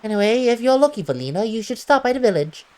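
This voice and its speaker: A woman's voice: on the high side, big pitch swings, quick pace, a little mellow, voice pushed up. Woman reading as a polite villager. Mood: helpful.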